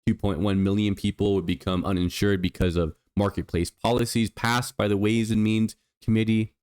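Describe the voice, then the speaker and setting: A man's voice: fairly low pitch, little pitch movement, moderate pace, a little mellow, clean tone. A man hosting a political commentary show, speaking with indignant emphasis and reading out statistics. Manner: indignant, emphatic, reads out figures. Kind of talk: opinion commentary.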